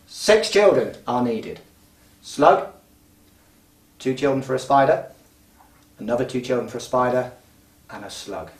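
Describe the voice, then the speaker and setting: A middle-aged man talks through classroom music methods patiently and clearly, one step at a time. His voice sits at an ordinary middle pitch. It is picked up from a little way off in an echoey room. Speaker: music teacher trainer. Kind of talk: instructional explanation. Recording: roomy sound from a distant mic.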